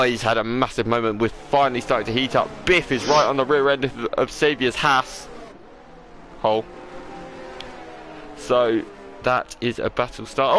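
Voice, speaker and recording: A man giving live commentary on an esports race, excitable, breaking into quick exclamations when the racing gets close. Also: mid-range voice, faint music behind.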